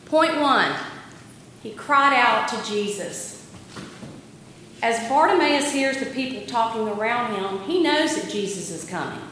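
Slow-preaching woman in an echoing hall. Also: on the high side, expressive, fairly bright tone, slight background noise. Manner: slow, deliberate storytelling with dramatic emphasis. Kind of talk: sermon. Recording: echoey hall, long reverb, faint ambience.

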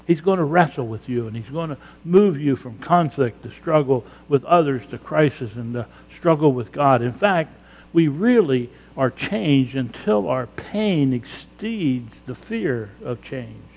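A male pastor preaching an emphatic sermon, breaking into loud acted-out prayers. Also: medium pitch, lively intonation, a little slow, slightly rough. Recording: long hall reverb.

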